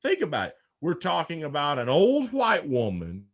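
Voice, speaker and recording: Wildly swooping in pitch and on the high side, this man's voice moves at a moderate pace. He's a political commentator emphatically talking politics in a casual podcast discussion, often repeating a word a few times before getting going.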